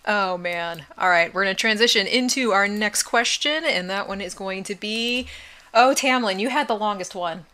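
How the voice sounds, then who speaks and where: A woman co-hosting a casual chat, bubbly and quick to laugh. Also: medium pitch, sharp tone. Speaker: podcast co-host. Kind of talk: casual chat about cosplay.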